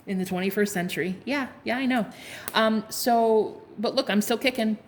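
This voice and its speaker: A woman's voice: a little high, normal speed. A woman giving a casual tarot reading to her viewers, sassy and playful, laughing often, swearing and calling them honey. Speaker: tarot card reader.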